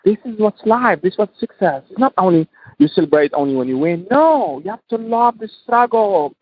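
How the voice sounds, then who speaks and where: Interview guest: man from Tunisia, husky and fairly high voice, impassioned and repetitive, dry, dull sound. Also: sing-song, normal speed, no room sound. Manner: impassioned, repetitive, non-native English. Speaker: guest entrepreneur. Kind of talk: passionate interview talk.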